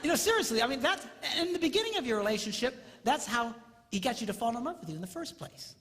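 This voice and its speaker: A man giving a comedic seminar talk on marriage, animated and mimicking squealing women in falsetto. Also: fast talker. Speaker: comedic relationship speaker. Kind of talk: stand-up style seminar talk. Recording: live hall, faint ambience.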